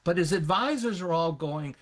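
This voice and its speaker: Animated, husky-voiced male history professor. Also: a little high, normal speed. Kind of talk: explanatory interview answers.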